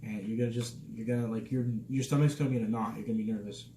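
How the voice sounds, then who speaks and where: A young man and Navy sailor hosting a casual vlog, relaxed at first and then upbeat and animated, talking with friends in a barracks room. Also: lowish voice, racing. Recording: echoey room with background noise.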